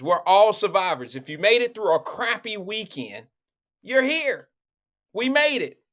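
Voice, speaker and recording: A man's voice: high-pitched, a bit bright. A man hosting a live online show, chatting loosely and repeating himself as he talks straight to viewers on his own microphone. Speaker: livestream show host. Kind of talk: casual live-stream chat.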